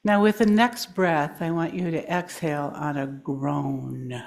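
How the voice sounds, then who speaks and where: A woman speaker at a congregation gathering, gently guiding listeners through breathing and grounding, encouraging and quick to laugh. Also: sits low, steady tone, vocal fry. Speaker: guest speaker. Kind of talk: guided breathing exercise in a talk. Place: congregation hall.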